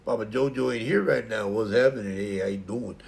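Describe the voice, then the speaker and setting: A flirty, smooth-talking man, as a gravelly host puts him on, throws out a playful crooning come-on. The voice keeps a rough, creaky grain. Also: on the low side, brisk, darkish tone, voice pushed down.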